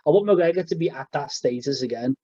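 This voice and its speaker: A man's voice: on the high side, fast talker, warm tone, husky, no room sound, dull audio. A young man co-hosting a podcast, chatting casually and rambling with restarts. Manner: rambling, full of fillers and restarts. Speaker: podcast co-host. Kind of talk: casual chat.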